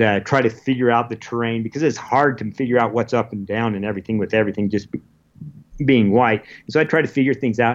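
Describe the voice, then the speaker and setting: A man telling the story of his expedition in an interview, earnest and halting, with many restarts. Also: mid-range voice, muffled recording. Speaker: interview guest, polar adventurer. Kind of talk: casual recounting of an expedition.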